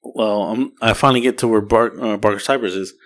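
A man's voice: fairly low pitch, fairly even intonation, brisk. A man, co-hosting a podcast and telling a rambling, profane story in casual chat. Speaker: podcast co-host.

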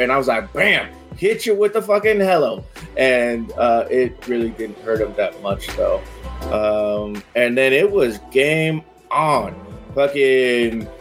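A man recapping a tabletop game session in slangy bro-speak, swearing constantly and filling every pause with "like". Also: fairly high pitch. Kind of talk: casual in-character session recap.

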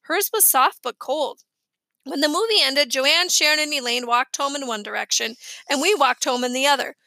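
Woman narrator for a kids' book, expressive, bright high voice. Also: moderate pace, no echo. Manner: lively expressive storytelling. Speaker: reader. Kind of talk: audiobook narration.

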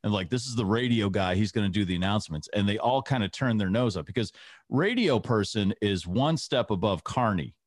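A man's voice: fairly low pitch, expressive, a little fast. A man, a radio host, joking and swearing in casual chat. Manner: wisecracking, profane.

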